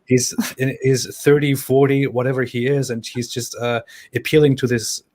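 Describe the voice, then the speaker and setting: A man hosting a casual live-stream discussion, speaking haltingly with many fillers and restarts. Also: mid-range voice, level tone, a little mellow.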